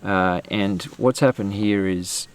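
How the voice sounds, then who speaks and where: A man's voice: sits low, takes it slowly, clear, resonant tone. An Australian man hosting an outdoor podcast, chatting casually and rambling with fillers and restarts. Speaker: podcast host.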